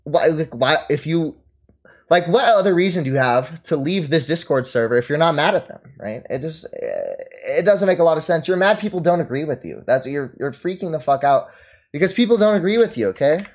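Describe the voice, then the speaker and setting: A man's voice: fairly high pitch, big pitch swings, fairly quick, husky. A man ranting at his live stream chat, mocking and taunting his target and laughing at them. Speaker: streamer reading and answering chat.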